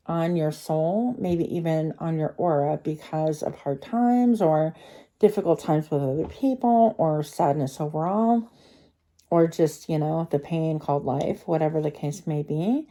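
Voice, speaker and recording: A woman's voice: deep voice, mellow. A woman giving a pick-a-card tarot reading, chatty and rambling, thinking aloud with many fillers and slightly slurred speech from a retainer.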